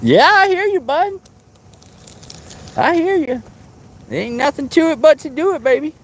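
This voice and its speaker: A man hosting a live fishing stream, chatting casually and excitably, teasing friends and whooping. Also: extremely high pitch, normal speed. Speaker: fishing livestream host.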